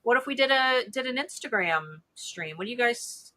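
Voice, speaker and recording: Bright-voiced chatty Ohio woman. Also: on the high side, animated, moderate pace. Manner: chatty, rambling with restarts. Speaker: co-host. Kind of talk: casual livestream chat.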